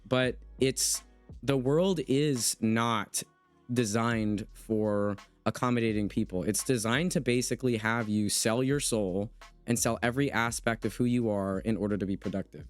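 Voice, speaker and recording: A young American man hosts a podcast, chatting casually and reading chat comments in an earnest, emphatic way. His voice is lowish and steady at a moderate pace, with faint music in the background.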